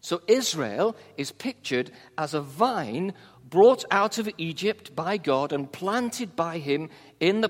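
A man preaching a sermon, teaching from the Bible in a measured, emphatic way. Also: fairly high pitch, long reverb tail.

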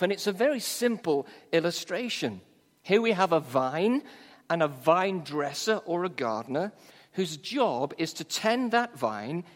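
A man preaching a sermon, teaching from the Bible in a measured, emphatic way. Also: on the high side, in a large hall.

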